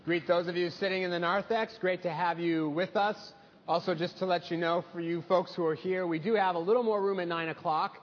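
Higher-voiced pastor preaching in an echoey church. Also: male voice, lo-fi sound. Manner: conversational storytelling with humor. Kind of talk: sermon. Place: church sanctuary.

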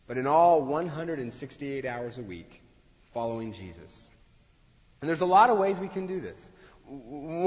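A man preaching a sermon in a conversational way, acting out the voices he quotes. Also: fairly high pitch. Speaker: pastor. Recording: dull sound in a long-echo hall.

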